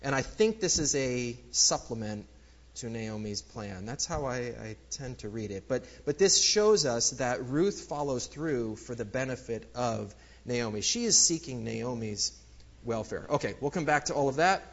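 A man giving a casual, lively Bible lecture, with many fillers, acting out the quoted lines. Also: medium pitch, measured pace, dull audio. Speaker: Bible teacher. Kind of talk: lecture on scripture.

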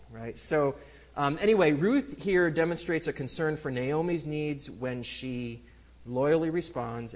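A man giving a casual, lively Bible lecture, with many fillers, acting out the quoted lines. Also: medium pitch, lo-fi sound. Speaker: Bible teacher. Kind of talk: lecture on scripture.

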